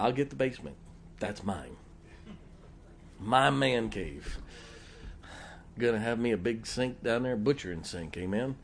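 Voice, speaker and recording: A man's voice: mid-range voice, a little hiss or hum. A middle-aged man preaching a sermon as pastor, folksy and often joking and laughing with the congregation.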